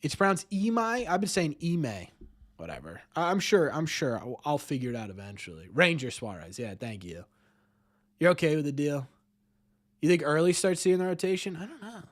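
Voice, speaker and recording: A man's voice: a little high, sing-song, a little fast. A man hosting a live-streamed sports talk show, rambling, repeating words and ending many lines with "right?". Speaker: podcast host.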